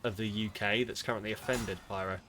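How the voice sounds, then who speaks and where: A man's voice: fairly low pitch, fairly even intonation, fast talker, pushed and bright, a little hiss or hum. A British man streaming a game, muttering to himself, swearing and sounding exasperated. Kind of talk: casual gaming commentary.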